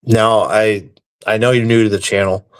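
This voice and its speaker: A man hosting a live stream, reading viewer comments aloud and answering them with deadpan, crude, mock-serious jokes. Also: lowish voice, normal speed. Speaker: livestream host reading chat. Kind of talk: casual live-stream banter.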